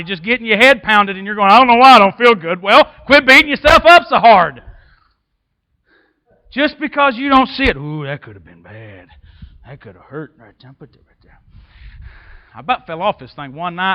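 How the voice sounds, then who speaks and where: A man preaching a sermon as assistant pastor in a church, passionate and folksy, swinging between shouts and quiet asides. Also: sits high. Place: church sanctuary.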